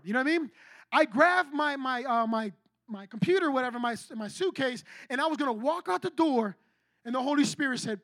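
A man with a strikingly high voice preaches in a casual, animated way. He talks to the room like a friend, piling on asides and repeating himself for emphasis. The sound is dry and close, with no room echo. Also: quick pace. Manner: animated, conversational, repeats "I kid you not". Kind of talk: sermon with personal story.

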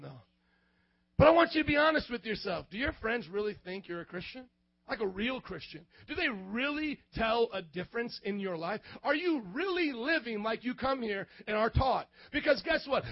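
A young man preaching a casual, slangy youth sermon in a church, acting out voices and rising to shouts. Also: very high voice, dry recording, muffled recording. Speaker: youth pastor.

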